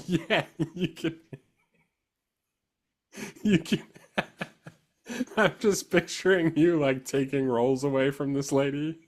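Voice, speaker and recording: A man's voice: fairly high pitch, steady tone, takes it slowly, pauses often. Giggly man co-hosting a podcast. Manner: laughs often while talking. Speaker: podcast co-host. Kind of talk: casual chat.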